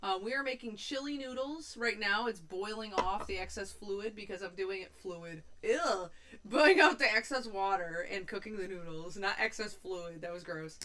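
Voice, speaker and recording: A woman's voice: mid-range voice, moderate pace, fairly bright tone. A young woman hosting a casual cooking livestream, chatting and rambling loosely with her viewers and swearing casually. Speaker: livestream host.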